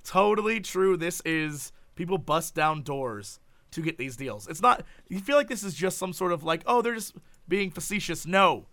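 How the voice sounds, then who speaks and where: A young man talks in casual comedic chat, bright and high. His pitch leaps around as he riffs and restarts. He keeps it loose, jokey and animated. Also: moderate pace. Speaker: co-host.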